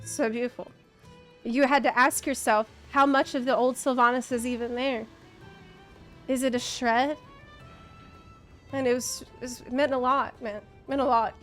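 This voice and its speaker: A woman's voice: high-pitched, fairly even intonation, moderate pace, pauses often, fairly bright tone, soft background music. A woman streamer ranting to her chat, impassioned, exasperated and sarcastic by turns. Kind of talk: live-stream rant to chat.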